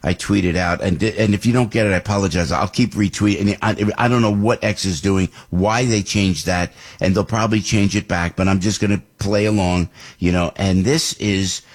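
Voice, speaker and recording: A man's voice: low voice, steady tone, normal speed. A man hosting a casual political radio talk show, rambling and rising to indignant outbursts. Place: radio studio.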